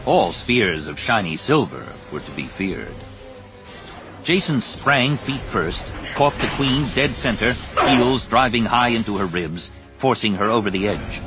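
A man narrating an audiobook with measured, dramatic storytelling. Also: fairly low pitch, rough recording. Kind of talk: scripted narration. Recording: narration over a music score. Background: music.

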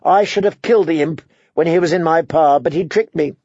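A man's voice: fairly high pitch, fairly quick, darkish tone, breathy edge, dry recording, muffled recording. Man voicing a bitter, self-pitying noble aunt. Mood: scornful.

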